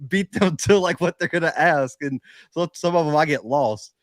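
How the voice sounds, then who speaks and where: A man co-hosting a sports talk show, chatting in a relaxed, chuckling way. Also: fairly high pitch, normal speed, dry recording, clean studio sound. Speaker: co-host. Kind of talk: casual talk show banter.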